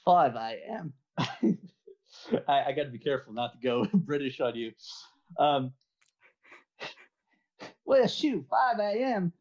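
A man's voice: a little high, big pitch swings, takes it slowly, pauses often, a little mellow, muffled recording, exaggerated voice. A man putting on a brash Southern beer drinker. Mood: boastful. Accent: put-on American Southern.

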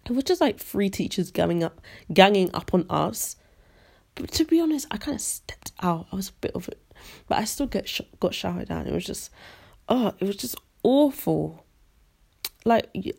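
A woman's voice: mid-range voice, creaky. A young woman telling a story in a casual podcast, ranting and acting out the people she quotes. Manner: animated, acts out quoted voices, ranty. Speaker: podcast host.

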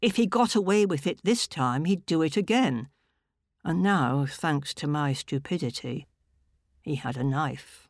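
A woman author reading her own short story aloud in a measured, deliberate way. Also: sits low, lively intonation, dry recording, clean studio sound.

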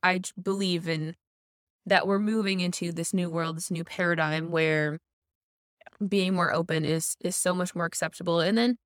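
A woman's voice: fairly low pitch, fairly even intonation, normal speed, no room sound, clean studio sound. A woman co-hosting a podcast, speaking reflectively and personally about her experience, with some hesitant restarts. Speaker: co-host. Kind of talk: casual podcast chat, reflective.

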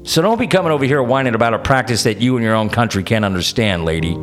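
A man holds forth alone on his podcast in a combative, sarcastic rant, swearing freely. His voice sits at an ordinary middle pitch for a man. Faint music plays behind him. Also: expressive, fast talker, fairly bright tone. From United States. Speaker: podcast host. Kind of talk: ranting podcast monologue.

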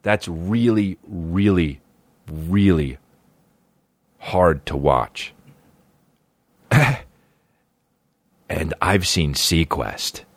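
Male podcast comic, lowish voice, rambling profane riffs, dry close sound. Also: very slow, long pauses, dry recording. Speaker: comedian podcast host. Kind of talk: casual comedic monologue.

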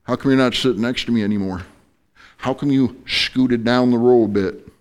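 A man's voice: medium pitch, moderate pace, close to an everyday voice. A male preacher voicing an older preacher husband who answers his wife in a dry, matter-of-fact way. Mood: deadpan.

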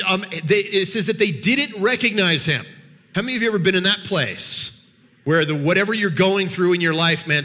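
A man with a high, bright voice gives a sermon as a guest speaker. He tells the story with energy, acts out the characters in quick voices and often stumbles over repeated words. The sound carries a long reverb from a large hall.

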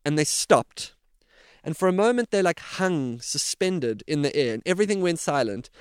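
Man guest spinning a lively tale, smooth resonant voice, dry close mic. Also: a little high, normal speed, dry recording. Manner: vivid, dramatic retelling with voiced sounds. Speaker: podcast guest, safari guide. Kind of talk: animated storytelling.

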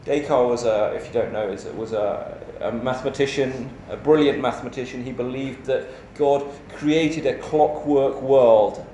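A man preaching a sermon in a measured, emphatic way, asking rhetorical questions. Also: medium pitch, mellow, slight background noise. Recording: echoey church hall with faint ambience.

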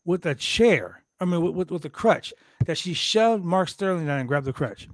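A man hosting a casual wrestling recap show, talking in an animated, profane way and acting out quotes from the show. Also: sits high, moderate pace, no echo. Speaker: podcast host recapping wrestling.

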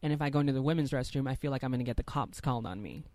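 A woman's voice: a bass voice, rapid-fire, dark tone, no echo. A young trans woman, a podcast guest, telling personal stories in casual chat with many fillers and restarts.

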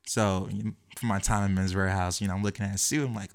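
A young man tells a story at a brisk clip, jumping into the voices of the people he quotes. His voice sits a little low for a man. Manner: acts out quoted dialogue, quick and lively. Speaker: guest telling his story. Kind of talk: animated storytelling.

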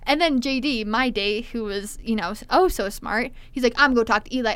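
Animated young woman telling a story. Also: fairly high pitch, fairly quick, hardly any pauses, clear, resonant tone, no echo. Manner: animated, acts out quotes, heavy filler "like". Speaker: storyteller guest. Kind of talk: casual storytelling chat.

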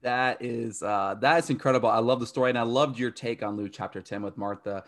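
A man's voice: mid-range voice, fairly quick, fairly bright tone. A man hosting a faith podcast, reacting to his guest and then encouraging his listeners with enthusiastic, preachy commentary. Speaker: podcast host.

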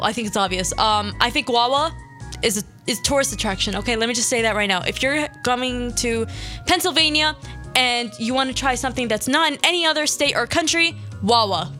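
A woman's voice: a little high, pushed and bright. A young woman hosting a radio show, chatting casually and emphatically, wandering off on tangents. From United States. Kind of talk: casual solo chat.

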